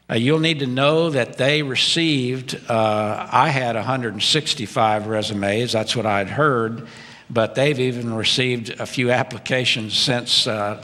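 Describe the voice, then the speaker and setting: Retiring pastor in a reverberant church. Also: male voice, mid-range voice, fairly bright tone. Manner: conversational, with frequent "uh" fillers. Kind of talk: sermon with scripture reading. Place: church sanctuary. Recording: long church hall reverb.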